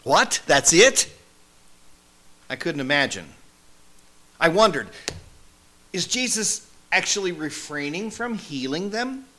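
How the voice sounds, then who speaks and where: A man playing a male disciple who recalls his travels in a first-person monologue, wry and conversational, with lively swings in emphasis. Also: on the high side, takes it slowly, pauses often, exaggerated voice. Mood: earnest recollection. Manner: conversational, wry, animated storytelling.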